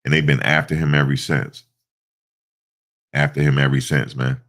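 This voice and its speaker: A man's voice: very deep voice, level tone, normal speed, fairly bright tone. A stuffed-up man hosting a casual live stream, rambling through stories with lots of fillers. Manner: rambling storytelling with many fillers.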